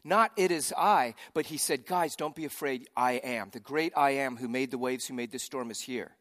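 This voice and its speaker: A man's voice: medium pitch, moderate pace. Preacher man in a reverberant hall. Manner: animated, swings from loud emphasis to quiet intensity. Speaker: pastor. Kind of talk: sermon.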